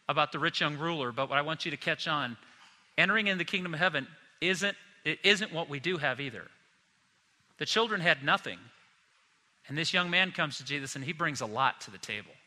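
A man's voice: fairly high pitch, fairly quick, sharp tone. Guy preaching to his church, chatty, plays out the quotes, hall reverb behind him. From United States. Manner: conversational preaching, acts out quoted voices. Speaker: pastor. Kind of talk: sermon.

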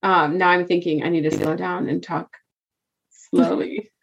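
This podcast co-host is a woman whose low-leaning voice stays level, moves fairly quickly and carries vocal fry, with slight background noise behind her. She chats casually, speaks freely, thinks out loud and laughs often, all captured in slightly dull lo-fi sound.

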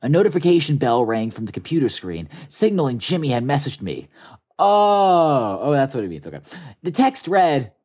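Lively man doing a comedic reading. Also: mid-range voice, moderate pace. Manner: lively, stumbling and laughing through the reading. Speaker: podcast co-host. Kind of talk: comedic dramatic reading of fan fiction.

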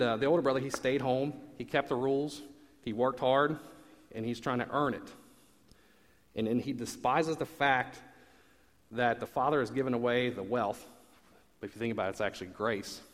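Casual male preacher in a reverberant hall. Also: mid-range voice. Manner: casual, conversational, with asides to the congregation. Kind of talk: sermon.

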